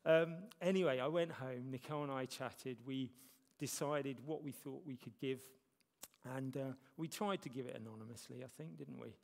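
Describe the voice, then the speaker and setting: Gravelly man preaching in a hall. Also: medium pitch, normal speed. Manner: conversational, self-deprecating humor. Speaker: church elder preaching. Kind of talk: sermon. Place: church hall. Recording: long reverb of a church hall.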